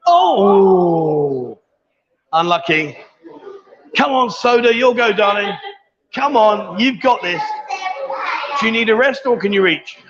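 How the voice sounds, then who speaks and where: A man's voice: sits high, expressive, takes it slowly, long pauses, fairly bright tone. A man hosting a casual livestream from a busy bar, chatty and teasing, calling everyone darling. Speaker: livestream host. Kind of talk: casual live bar banter. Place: busy bar with pool table. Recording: dull lo-fi livestream audio. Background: bar crowd chatter.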